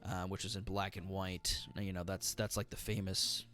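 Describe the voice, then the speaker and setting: A man with a fairly low voice chats about his favorite books. He is enthusiastic and full of fillers. Soft music plays faintly behind him. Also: flat delivery, normal speed. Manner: chatty, many fillers, enthusiastic. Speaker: book reviewer. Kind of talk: casual book review.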